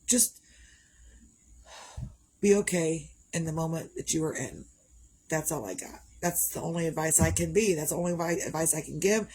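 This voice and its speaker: A woman's voice: deep voice, moderate pace, pauses often, darkish tone, breathy edge, low-quality recording. A tired, slightly winded woman talking casually in a motivational vlog, rambling and repeating herself in a candid way. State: tired and a bit out of breath. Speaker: vlogger.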